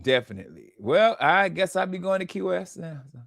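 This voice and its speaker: A man's voice: sits high, very animated, a little fast, gravelly, fairly bright tone, dry recording, studio quality. A man in his forties on a comedic radio show, telling stories in a laid-back, easygoing way. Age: 40s.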